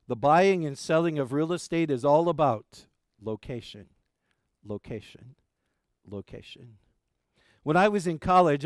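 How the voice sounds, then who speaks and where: A middle-aged pastor preaching an Easter sermon, folksy and animated when telling stories, soft and gentle in prayer. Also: male voice, fairly high pitch, dry recording, clean studio sound. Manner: folksy, animated storytelling with jokes.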